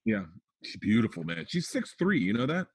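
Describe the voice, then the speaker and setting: A man's voice: mid-range voice, sing-song, normal speed. A man hosting a casual comedy fundraiser chat, telling laid-back stories and swearing freely.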